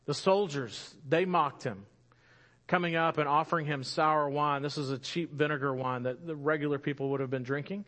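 Man preaching an animated sermon. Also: fairly high pitch, normal speed.

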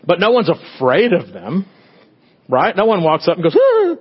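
A middle-aged man, a pastor, preaching a conversational sermon, swinging between loud bursts and hushed tender moments. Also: a little high, very animated, normal speed, husky, dull audio.

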